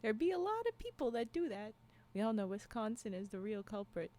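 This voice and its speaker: This livestream storyteller talks loosely with her live audience, laughing a lot and wandering into asides that trail away or restart. She sits on the high side with a darkish, sing-song voice at a slightly fast pace.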